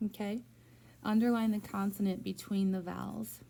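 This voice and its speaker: A woman's voice: mid-range voice, little pitch movement, normal speed, gravelly, dark tone. A woman teaching reading one-on-one, prompting a student step by step with patient encouragement. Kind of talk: one-on-one phonics tutoring.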